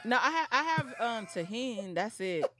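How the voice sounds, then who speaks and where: A woman from St. Louis chatting casually, frank and quick to laugh. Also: on the high side, sing-song, a bit bright, a little hiss or hum. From St. Louis, Missouri. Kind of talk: casual chat.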